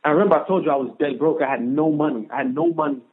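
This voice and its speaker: A man tells a long personal story in an interview with lively energy, acting out every exchange he quotes. His voice sits a little high for a man. The sound is thin and narrow, like a phone line. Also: rapid-fire. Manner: animated storyteller, acts out quoted dialogue. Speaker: podcast guest, former pro football player.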